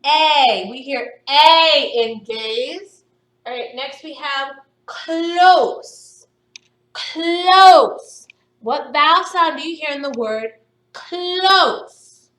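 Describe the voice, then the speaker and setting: A woman teaching young children phonics, stretching out each sound slowly and praising them warmly. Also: high voice, recorded from a distance. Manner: slow, stretched-out sounding of words for young pupils; encouraging, upbeat praise. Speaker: primary school teacher. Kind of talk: recorded phonics lesson. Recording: echoey room, voice somewhat off-mic.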